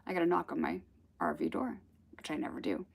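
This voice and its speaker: A woman's voice: lowish voice, very animated, brisk, vocal fry. A woman giving a casual spiritual talk, telling stories in a rambling, chatty way. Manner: rambling, chatty storytelling with laughs. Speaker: spiritual teacher.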